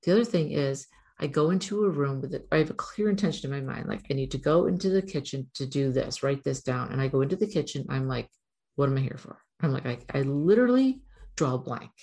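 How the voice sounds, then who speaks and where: A woman's voice: very deep voice, animated, fast talker, mellow. A middle-aged woman vlogging in a rambling, candid way, swearing casually now and then. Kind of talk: casual spiritual vlog.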